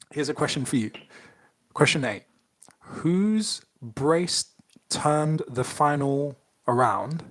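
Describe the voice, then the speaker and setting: Male podcast co-host, casual and playful, reads quiz questions in a middle-pitched voice. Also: a bit bright. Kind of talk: casual chat.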